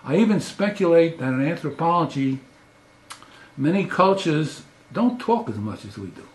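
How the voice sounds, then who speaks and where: A man's voice: a little high, big pitch swings, normal speed. An older man, a professor giving a lecture, emphatic and full of rhetorical questions. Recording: roomy echo.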